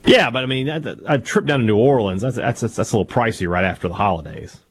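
A man's voice: on the low side, expressive, quick pace, slight background noise. A man with a Southern American accent co-hosting sports radio, self-deprecating and often stumbling over repeated restarts. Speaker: sports talk radio co-host. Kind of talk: casual sports radio banter.

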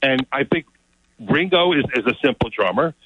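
A man telling an excited story as a guest, often repeating his words. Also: medium pitch, normal speed, slightly rough, no echo. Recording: dull, lo-fi sound.

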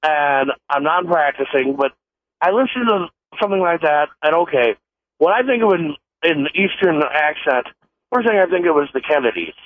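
Male caller, slightly raised pitch, dry humor, heard over a phone line. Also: animated, normal speed. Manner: wry, joking. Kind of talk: call-in talk radio. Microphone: telephone.

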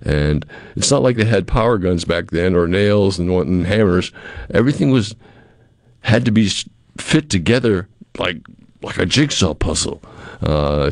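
A man hosts a talk radio show in a dry, close studio sound. His voice sits very low, and he rambles with restarts and soft chuckles. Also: creaky, no room sound. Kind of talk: casual talk radio chat. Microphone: studio microphone.

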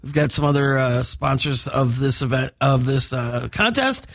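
Chatty Midwestern radio morning host. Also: female voice, extremely low pitch, expressive, moderate pace, no echo. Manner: chatty, many fillers and restarts. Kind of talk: upbeat live radio banter. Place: radio studio.

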